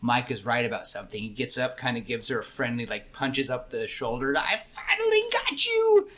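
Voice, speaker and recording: Young male podcast co-host, bright tone, rambly pitch with acted-out lines. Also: fairly even intonation, fairly quick. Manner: rambling, acts out characters' lines while pitching a story. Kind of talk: casual brainstorming chat.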